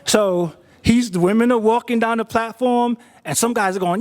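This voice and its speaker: Man telling a story out loud, chatty, repeats himself a bit, pretty high voice. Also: normal speed, hardly any pauses. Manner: conversational, repeats words while thinking. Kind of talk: live personal storytelling.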